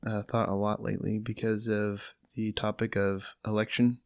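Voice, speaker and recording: A man's voice: fairly low pitch, level tone, moderate pace, vocal fry, clean tone, no room sound. A man from California, a podcast guest in a studio, talking earnestly and reflectively. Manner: earnest, reflective, speaks about faith. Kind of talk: casual podcast conversation.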